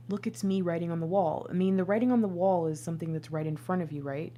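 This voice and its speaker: Excitable low-voiced woman tarot reader. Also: fast talker, hardly any pauses, slight background noise. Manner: excitable, swings from exclaiming to hushed whispers. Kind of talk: casual tarot reading vlog.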